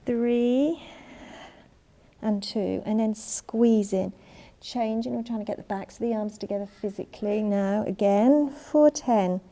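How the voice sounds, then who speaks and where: A woman with a mellow, softly rounded voice leads an online Pilates session, calling out breaths and counting down reps. She moves along with the class and sounds a little winded. Her cues stay calm and steady, sometimes dropping to a breathy near-whisper. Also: mid-range voice, a little slow. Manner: calm cueing, counting reps, breathy asides while exercising. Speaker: Pilates instructor. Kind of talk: online exercise class instruction. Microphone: worn mic.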